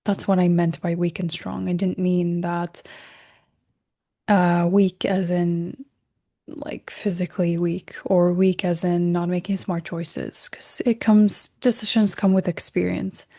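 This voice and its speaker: Slow and level in a fairly low voice, the host of a recorded self-help workshop talks in a gentle, reflective way. She fixes her wording mid-sentence and softens to a whisper on the key words.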